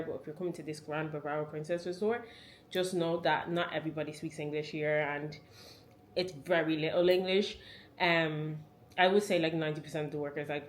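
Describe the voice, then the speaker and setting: Speaking in a low register, this Irish woman in her twenties chats to camera about her travels, leaning heavily on "like" as a filler. A little hiss or hum sits under the recording.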